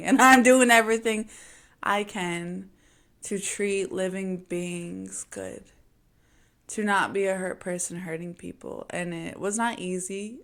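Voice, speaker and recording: A woman vlogger talking openly about her own life in an emphatic, casual monologue. Her pitch sits in a middle range, and her delivery is slangy and confessional. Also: fairly bright tone. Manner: emphatic and confessional, sometimes laughing. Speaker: vlogger sharing a personal story. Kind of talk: candid personal monologue.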